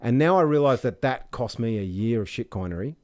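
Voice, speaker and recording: A man's voice: mid-range voice, animated, fairly quick, darkish tone. A man chatting casually as a podcast guest, tipsy and slurring a little, rambling, swearing and losing his thread. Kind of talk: drunk casual chat.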